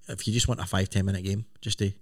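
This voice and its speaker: A man's voice: low voice, level tone, quick pace, no room sound, studio quality. A middle-aged man, co-hosting a podcast in casual, rambling chat. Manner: rambling, self-interrupting. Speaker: podcast co-host.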